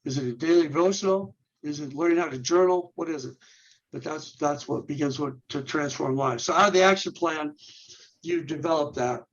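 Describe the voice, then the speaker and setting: This fairly high-voiced man speaks briskly, and the recording has its highs cut off. As a guest on an interview, the men's ministry leader earnestly explains a series of steps, throwing out rhetorical questions and often starting his words over.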